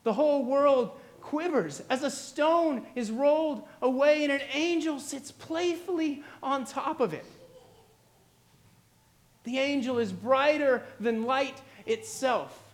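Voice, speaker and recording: A man's voice: extremely high pitch, slow. A man preaching a sermon, retelling a story dramatically with repeated refrains. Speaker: pastor.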